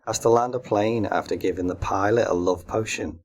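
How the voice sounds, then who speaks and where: A man co-hosting a podcast in casual chat, pitching silly comedy film ideas and laughing often. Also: steady tone, fairly quick. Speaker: podcast co-host.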